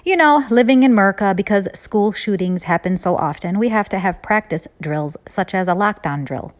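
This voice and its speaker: A woman's voice: mid-range voice, normal speed. A woman, a former teacher, telling a personal story in an earnest, emphatic way and acting out what she and others said. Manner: earnest, emphatic retelling, acting out her own quoted lines.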